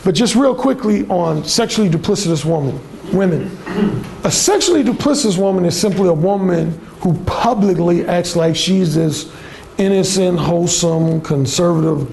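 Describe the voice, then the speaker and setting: A high-voiced man speaks to a seminar audience, his tone blunt and emphatic. His voice has a gravelly, fried edge, and a faint hiss sits underneath. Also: brisk, a little mellow. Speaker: workshop speaker. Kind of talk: seminar presentation. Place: conference room.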